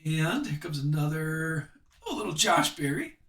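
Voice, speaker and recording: A man with a high, bright voice hosts a live card break, chatty and upbeat as he calls out each card he pulls. He sounds a bit off the mic, and the room is echoey. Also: big pitch swings, a little slow, distant mic. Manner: chatty, upbeat, calls out cards as he opens packs.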